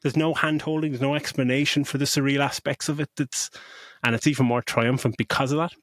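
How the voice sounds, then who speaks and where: A man's voice: mid-range voice, steady tone, brisk, a bit bright, no echo, clean studio sound. A middle-aged man co-hosting a podcast, gushing about a film in casual chat, swearing freely and tripping over restarts. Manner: emotional when retelling scenes. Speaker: podcast co-host.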